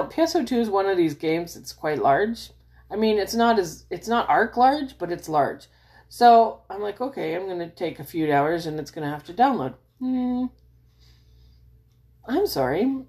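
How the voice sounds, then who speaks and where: Chatty, excitable woman gamer. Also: mid-range voice, normal speed. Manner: chatty, excitable, self-correcting, acts out her own reactions. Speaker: gamer vlogger. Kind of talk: casual chat.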